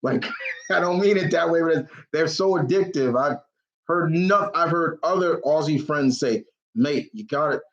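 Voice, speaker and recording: A man's voice: a little high, normal speed, fairly bright tone. A man hosting a live question-and-answer stream. He talks in a rambling, casual way with many restarts, and he gets openly emotional, close to tears. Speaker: host of a live Q&A. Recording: dull lo-fi stream audio.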